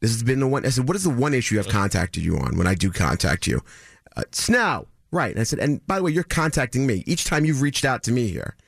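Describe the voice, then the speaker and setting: A man in his thirties telling a story on a morning radio show, animated and mimicking other people in a higher voice. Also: fast talker, vocal fry, no echo, clean studio sound. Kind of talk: casual chat, telling a story.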